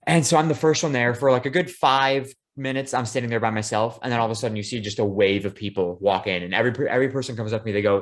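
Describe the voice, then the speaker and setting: A man co-hosting a casual podcast, telling a travel story at an easy, average pitch. He swears freely and speeds up through his profane, animated asides. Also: quick pace, few pauses. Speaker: podcast co-host.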